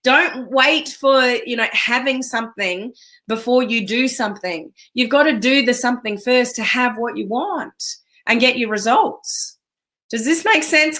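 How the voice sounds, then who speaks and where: Bright-voiced Australian woman coach. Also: a little high, unhurried. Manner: energetic, emphatic, chatty. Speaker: business coach. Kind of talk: live-streamed motivational talk.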